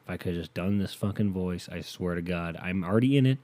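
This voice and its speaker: A man's voice: deep voice, fast talker, warm tone. A man from the United States doing a solo comedic rant, profane, rambling and self-mocking.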